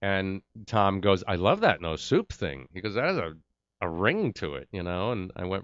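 A man's voice: deep voice, big pitch swings, moderate pace, dry recording, muffled recording. A middle-aged man telling a casual story about his acting career, acting out the voices of the people he quotes.

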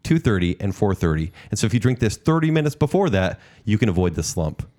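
Low-voiced man in casual chat. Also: big pitch swings, quick pace, a little mellow. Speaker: podcast co-host.

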